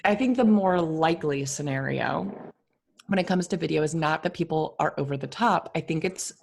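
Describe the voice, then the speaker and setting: A woman co-hosting a podcast, with a deep, soothing voice and an animated, expressive way of talking full of fillers. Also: normal speed, vocal fry, a little hiss or hum. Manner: animated and expressive, filler-heavy, laughs often. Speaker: podcast co-host. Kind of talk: casual conversational interview.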